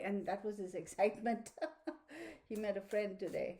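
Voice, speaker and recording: A woman's voice: medium pitch, unhurried, a little mellow. A woman tarot reader, talking casually and rambling to her viewers. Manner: rambling, chatty, addresses viewers as y'all. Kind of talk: casual talk to camera.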